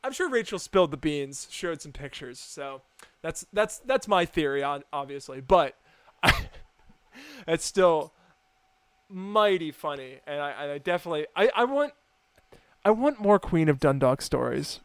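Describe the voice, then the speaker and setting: A man's voice: a little high, very animated, measured pace, fairly bright tone, smooth, no echo. A young American man co-hosting a podcast, chatting casually, laughing often and restarting his sentences. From United States. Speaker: podcast co-host. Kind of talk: casual chat.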